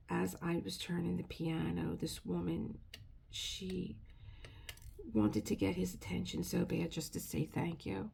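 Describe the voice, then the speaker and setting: A woman's voice: lowish voice, level tone, unhurried, gravelly, dark tone, a little hiss or hum. A middle-aged woman telling a rambling, emotional story in a casual vlog. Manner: chatty, rambling, emotional, restarts often. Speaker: craft video creator.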